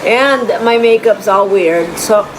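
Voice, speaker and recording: Hiccupping woman on a noisy livestream. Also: mid-range voice. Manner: flustered, halting, many fillers. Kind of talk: casual livestream chat.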